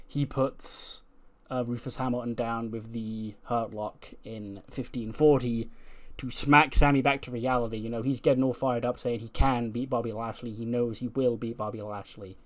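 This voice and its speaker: A man's voice: medium pitch, a bit bright. A man giving casual, chatty let's-play commentary on a game, swearing now and then. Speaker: gaming video creator.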